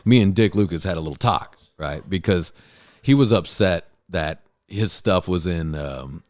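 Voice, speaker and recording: A middle-aged man hosting a podcast, telling animated stories in casual chat and swearing freely. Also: sits low, a little slow, no room sound, clean studio sound. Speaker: podcast host.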